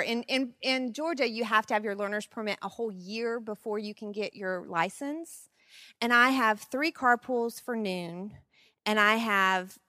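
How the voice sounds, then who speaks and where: A woman in her forties telling personal stories at a parenting seminar, expressive and laughing often. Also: on the high side, no echo, studio quality. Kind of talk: personal storytelling talk.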